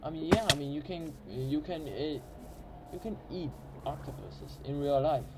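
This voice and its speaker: A man's voice: fairly high pitch, normal speed, background noise. A man giving casual, rambling game commentary as host, often correcting himself mid-sentence. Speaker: gameplay host.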